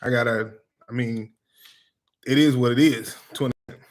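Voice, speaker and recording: A man co-hosting a family vlog, chatting casually and telling stories in a laid-back way with relaxed slang. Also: mid-range voice, moderate pace. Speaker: co-host of a family vlog channel. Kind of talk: casual chat.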